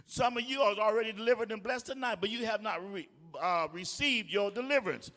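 A male pastor preaching a sermon with call-and-response, building from easy talk to shouted exhortation and mimicking whiny voices along the way. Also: sits high, brisk. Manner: mimics tired whining voices in asides. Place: church sanctuary. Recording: long hall reverb.

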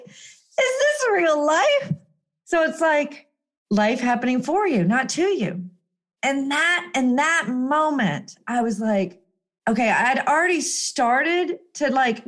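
Lady telling a story, chatty and emphatic, kinda high voice. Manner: chatty, animated, emphatic with swings up in pitch. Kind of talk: casual storytelling monologue.

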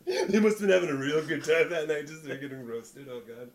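A young man telling a rambling, animated story in casual chat, often breaking into laughter. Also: fairly high pitch, a little fast, slight background noise. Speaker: podcast co-host, comedian.

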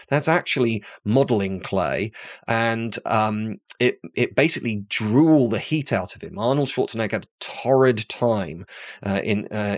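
A man giving a casual, digressive monologue on film history, often correcting himself and jumping up in pitch to stress points. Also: no echo, studio quality. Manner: chatty, digressive, corrects himself mid-sentence. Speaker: film commentator.

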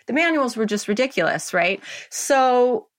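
A woman in her fifties, a life coach being interviewed, talking in an animated way with frequent laughs and "right?" checks. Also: a little high, normal speed. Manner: animated, laughs often, says "right?" a lot. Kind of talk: conversational interview.

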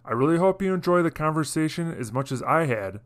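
A man hosting a podcast, introducing his guest and chatting casually in a friendly, slightly halting way. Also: on the high side, lively intonation. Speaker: podcast host. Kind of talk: casual interview chat.

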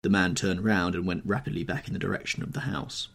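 A man narrating a classic novel in a measured, expressive audiobook reading. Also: low-pitched, creaky, slightly rough. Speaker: audiobook reader.

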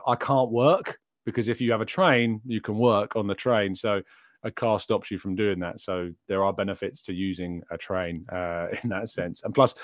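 A man's voice: lowish voice, no echo, clean studio sound. A young English man hosting a casual live show, chatting and answering questions from the chat. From England. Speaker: host.

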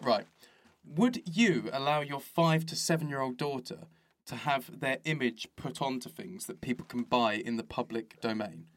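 A man's voice: medium pitch, moderate pace. A man chatting casually and jokily about a cartoon episode, acting out the characters' lines. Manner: jokey, animated, repeats himself, acts out characters' lines. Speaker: podcast co-host. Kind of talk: casual chat reviewing cartoons.

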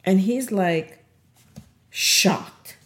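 A woman casually recapping a TV episode, retelling scenes in an animated way and acting out what the characters say. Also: mid-range voice, very slow. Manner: animated retelling, acts out quotes.

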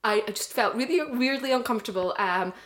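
A young woman co-hosting a podcast, telling an animated story with frequent laughter. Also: a little high, fast talker. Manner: animated storyteller, laughs often, mimics others. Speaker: podcast co-host. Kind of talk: casual chat, storytelling.

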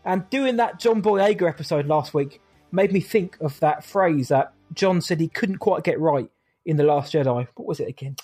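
Cheery british podcast guy, pretty high voice, a bit of music underneath. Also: moderate pace, warm tone. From United Kingdom. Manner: cheerful, punning. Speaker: podcast host. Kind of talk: casual podcast chat.

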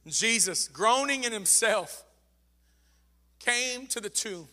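A man's voice: high voice, expressive, takes it slowly, pauses often, pushed and bright. A man preaching a sermon as pastor, fervent and repeating phrases for emphasis. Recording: long reverb of a large hall.

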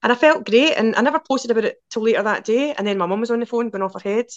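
Fast-talking Glaswegian woman in her forties. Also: on the high side, no echo, lo-fi sound. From Scotland. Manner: lively and chatty, quick run-on anecdotes. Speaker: podcast guest. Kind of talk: casual storytelling.

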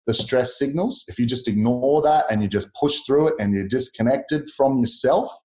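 A man, chatting as a podcast guest and telling lively stories. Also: medium pitch, normal speed. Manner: animated storyteller who acts out quoted voices. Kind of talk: casual conversation. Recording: roomy echo.

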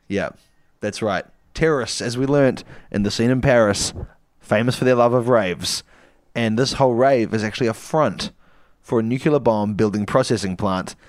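A man's voice: mid-range voice, moderate pace. A man co-hosting a comedy podcast, retelling a film plot in a rambling way and laughing into his own sentences. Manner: rambling, laughs mid-sentence, frequent restarts. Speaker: podcast co-host.

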